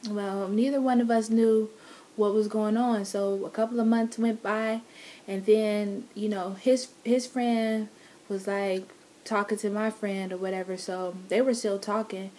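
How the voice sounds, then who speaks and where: A woman's voice: mid-range voice, flat delivery, unhurried, warm tone. A woman vlogger casually telling her love story, teasing and laughing with her partner.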